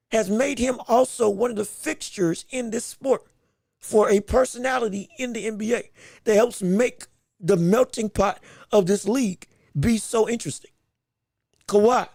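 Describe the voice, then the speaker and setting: A man's voice: very high-pitched, creaky, darkish tone, no room sound, studio quality. A man hosting a sports podcast, talking animatedly and casually, often repeating words and laughing as he goes. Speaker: podcast host. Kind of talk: solo sports commentary podcast.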